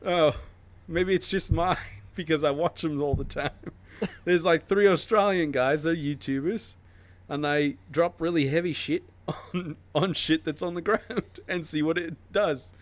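Laid-back male podcast co-host, slightly high voice, jokey, laughs a lot. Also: unhurried. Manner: laughs often, loose and joking. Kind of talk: casual chat. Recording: remote call recording.

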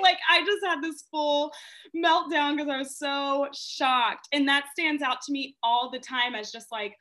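A woman stage actress, a podcast guest, telling stories in casual chat, animated and laughing often, with lots of "like". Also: sits high, unhurried.

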